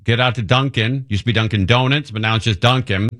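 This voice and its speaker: A man's voice: mid-range voice, fast, a bit bright. A middle-aged man hosting a radio show, joking and laughing at himself. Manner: self-mocking, jokey, laughs often. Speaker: radio host. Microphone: studio mic.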